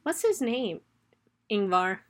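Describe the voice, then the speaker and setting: A young woman co-hosting a casual movie review podcast, excitable and giggly, acting out characters' lines as she talks. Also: medium pitch, slow pace. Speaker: podcast co-host.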